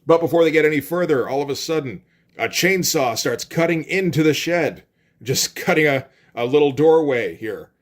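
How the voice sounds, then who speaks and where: A man's voice: fairly high pitch, lively intonation, normal speed. A man casually recapping a comic book issue, retelling scenes and quoting the characters in a loose, conversational way.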